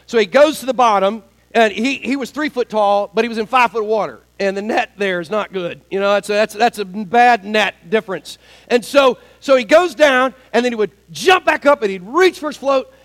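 A man preaching a sermon, telling a story in an animated, joking way and acting out the scenes. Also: very high-pitched, low-quality recording. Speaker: pastor.

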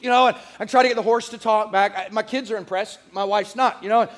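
A middle-aged male pastor preaching a sermon in an animated, joking storytelling way, raising his voice to a shout at moments. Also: sits high, quick pace.

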